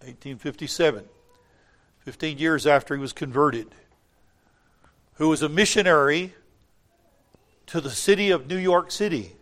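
Emphatic preacher with a higher voice. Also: male voice, measured pace, long pauses. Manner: emphatic, rising to loud peaks then dropping low; repeats phrases for emphasis. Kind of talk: sermon.

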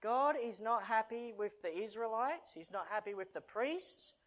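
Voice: mid-range voice, lively intonation, normal speed. Chatty playful preacher. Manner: chatty and playful, joking with the audience. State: short of breath. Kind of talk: casual sermon with a Bible reading.

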